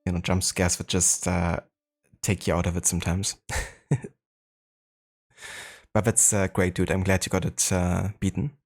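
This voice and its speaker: A man's voice: low-pitched, little pitch movement, measured pace, long pauses. A man with a German accent chatting casually on a live game stream, greeting viewers in a laid-back way with frequent fillers.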